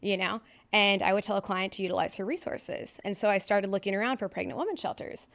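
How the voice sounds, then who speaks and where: A woman in her thirties tells her own story plainly and bluntly, her voice sitting at a middle pitch. She talks in a loose, conversational way, full of fillers and frank asides, and never softens the hard parts. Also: quick pace, creaky. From Southern California. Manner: candid, blunt storytelling with frequent swearing and fillers. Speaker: podcast guest. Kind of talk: personal recovery story.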